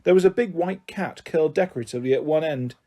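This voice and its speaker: A man narrates a children's novel in a gentle, even storytelling manner. His voice sits a touch high. It has a soft, mellow tone. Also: fast. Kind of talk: audiobook narration.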